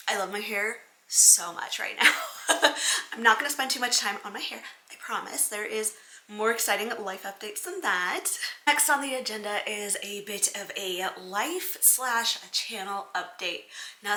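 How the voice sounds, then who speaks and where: Bright, bubbly woman vlogger in echoey room. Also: mid-range voice. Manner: bubbly, giggly, gushing. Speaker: flight attendant vlogger. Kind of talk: casual vlog update.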